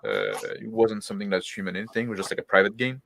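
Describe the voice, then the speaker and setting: A man's voice: fairly low pitch, big pitch swings, fast, gravelly, fairly bright tone, no echo. Rambling host man, dry close sound. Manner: rambling, hesitant with fillers. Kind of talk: casual group chat.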